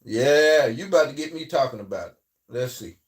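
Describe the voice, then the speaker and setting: A man with a Southern US accent hosting a casual livestream, talking in a loose, rambling way that swings between loud and quiet. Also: medium pitch, expressive, moderate pace, recorded from a distance. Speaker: livestream host.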